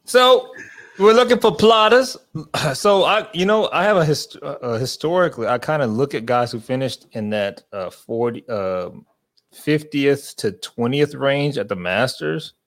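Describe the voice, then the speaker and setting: A man co-hosting a podcast, calmly explaining his picks in casual analysis with frequent fillers. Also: medium pitch. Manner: measured, explains strategy with fillers. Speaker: podcast co-host.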